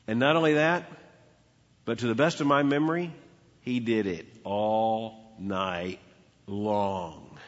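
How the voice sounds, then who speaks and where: A man's voice: lowish voice, takes it slowly. A man preaching a sermon, telling a childhood story with emphatic repetition. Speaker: pastor. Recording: dull lo-fi with long hall reverb.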